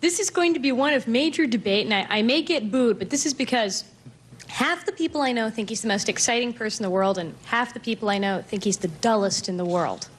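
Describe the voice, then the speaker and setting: A woman's voice: a little high, animated, fairly quick, a little hiss or hum. A woman on a game show panel, playful and self-mocking. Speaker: celebrity panelist.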